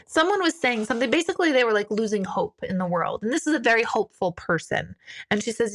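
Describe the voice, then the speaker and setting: Reading viewer comments aloud on her casual live stream, a woman in her forties talks candidly and acts out quotes with sharp jumps in pitch. She is very animated, quick-paced and a bit bright.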